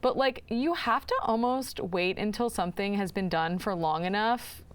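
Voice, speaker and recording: Smooth-voiced female podcast host. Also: mid-range voice, normal speed. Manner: chatty, reflective, many "like" fillers. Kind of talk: casual interview chat.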